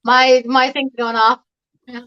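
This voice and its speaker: A woman's voice: high voice, little pitch movement, a little slow, crowd noise. A woman talking casually as a guest on a home livestream, rambling and laughing often over a video call. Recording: dull lo-fi stream audio.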